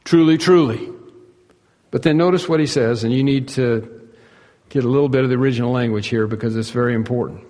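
A man preaching a sermon, emphatic, rising to loud peaks and dropping to hushed asides. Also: medium pitch, fairly even intonation, quick pace, big-room sound. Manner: emphatic, swings between soaring and hushed. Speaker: pastor.

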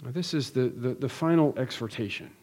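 A man's voice: medium pitch, brisk, darkish tone, in a large hall. A man preaching an expository sermon, earnest and emphatic, building through repeated phrases with frequent restarts. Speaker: pastor.

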